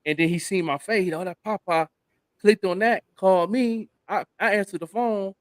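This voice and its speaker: A man's voice: high voice, normal speed, dry recording. An older man and radio show host, telling stories in casual chat, laughing often. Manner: animated storyteller, laughing often.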